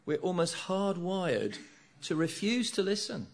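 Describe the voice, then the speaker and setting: A man's voice: sits high, very animated, unhurried, creaky. A middle-aged man preaching a sermon, earnest, repeating key phrases and asking rhetorical tag questions.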